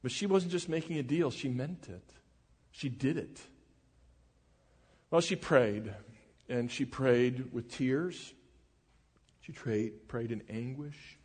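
A man delivers a sermon at a middle pitch, earnest and measured, letting his voice sink quiet to press a point. His words ring out with a long reverberation, as in a church sanctuary. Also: husky. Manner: earnest, measured preaching with dramatic drops in volume. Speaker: preacher. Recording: reverberant hall.

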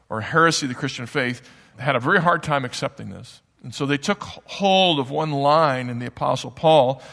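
A man delivers a sermon in a church hall with a long, ringing reverb. His voice sits at an ordinary middle pitch. He explains things conversationally and drops in casual asides to his listeners. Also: gravelly, fairly bright tone. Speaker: preacher.

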